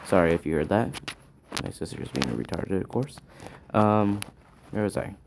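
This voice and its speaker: A man's voice: sits low, animated, moderate pace, vocal fry, background noise. A man improvising a fan story aloud, rambling and hesitant as he thinks it up.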